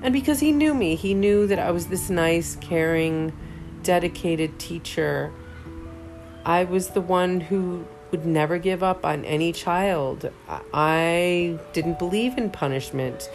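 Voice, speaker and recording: A woman's voice: on the low side, unhurried, darkish tone, faint music behind. A middle-aged woman telling a personal story in a candid, reflective monologue, often restarting her sentences. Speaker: podcast host.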